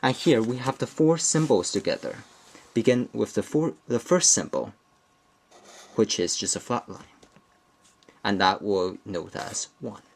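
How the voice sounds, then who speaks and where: Guy teaching a beginner lesson, slow and careful, kinda low voice, fixes his words as he goes. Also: creaky. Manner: deliberate, methodical, restates and corrects himself mid-phrase. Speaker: language teacher. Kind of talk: slow explanatory lesson narration.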